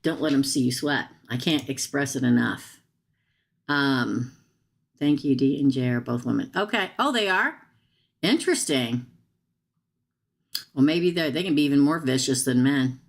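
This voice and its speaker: A woman's voice: extremely low pitch, animated, a little slow, vocal fry, long pauses. A middle-aged woman giving a live tarot reading, chatty and emphatic, repeating her advice. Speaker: tarot reader.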